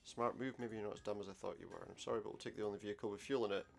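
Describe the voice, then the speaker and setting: A let's play gamer with a fairly low, creaky voice talks very fast while playing an adventure game. He reads the dialogue aloud and adds wry, sarcastic asides.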